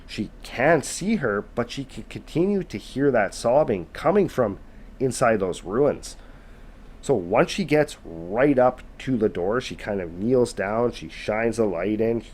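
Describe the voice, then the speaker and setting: A man's voice: on the low side, darkish tone, breathy edge. A man narrating an eerie encounter story in a loose, conversational way, with lots of filler words. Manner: loose, conversational, with many fillers like "kind of" and "basically". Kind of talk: casual retelling of a scary story.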